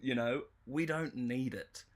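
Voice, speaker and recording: Guy on a livestream ranting, kinda sarcastic and fed up, middle pitch. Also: measured pace. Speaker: show reviewer streamer. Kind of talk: livestream commentary.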